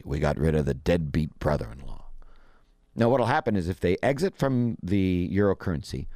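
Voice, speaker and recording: A man's voice: on the low side, warm tone, dry recording, studio quality. A man giving casual, opinionated commentary, folksy and blunt, often acting out what others say in a raised voice. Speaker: financial commentator.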